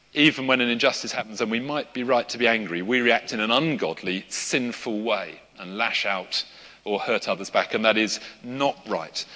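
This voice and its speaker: A man's voice: medium pitch, bright, forceful tone. A middle-aged man preaching a conversational sermon to a congregation, with small asides and a light laugh now and then. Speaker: pastor. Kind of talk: sermon with a live demonstration. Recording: reverberant church hall.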